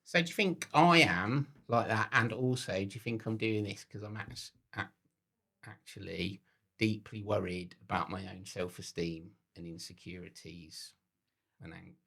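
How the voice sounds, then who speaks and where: A man from southeast England with a slight Birmingham twang, co-hosting a casual podcast chat in a thoughtful, self-mocking way that trails off softly. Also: fairly low pitch, unhurried, creaky, husky. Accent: southeast English with a slight Birmingham twang. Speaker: podcast co-host.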